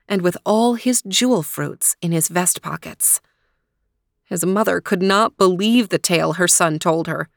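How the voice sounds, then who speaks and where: A woman hosting a storytelling podcast, reading a tale slowly and expressively. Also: mid-range voice, dry recording, studio quality. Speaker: storyteller host.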